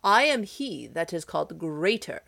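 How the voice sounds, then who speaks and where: A woman's voice: lowish voice, very animated, a little slow, gravelly, no echo, studio quality, exaggerated voice. Woman doing a proud, fearless young hero. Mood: defiant. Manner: proud, challenging, loud.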